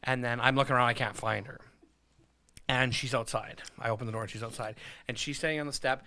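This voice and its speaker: A man in his thirties spins loose, profanity-heavy stories as a podcast guest. His voice is bright and forward, set at an everyday male pitch, and he keeps an animated storytelling drive. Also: fast talker. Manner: profane, animated anecdote-telling. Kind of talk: casual storytelling.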